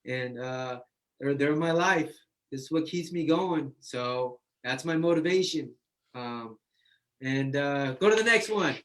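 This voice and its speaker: A man's voice: medium pitch, animated, a little slow, fairly bright tone. A man sharing his life story in casual testimony, exuberant, calling out friends and saying "man" constantly.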